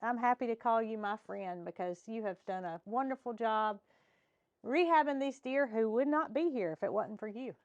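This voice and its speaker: A woman hosts a casual farm vlog outdoors. She talks in a folksy way and coaxes animals with soft repeated calls. Her voice sits a little on the high side. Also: normal speed, no echo, dull audio. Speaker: farm vlogger host. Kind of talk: casual chat and narration.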